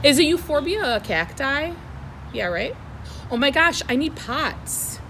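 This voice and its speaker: A woman's voice: sits high, sing-song, unhurried, a bit bright, poor audio. A young adult woman vlogging outdoors, gushing and squealing with delight as she unboxes plants. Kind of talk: excited unboxing vlog. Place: outdoors in the wind. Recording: wind noise on outdoor mic.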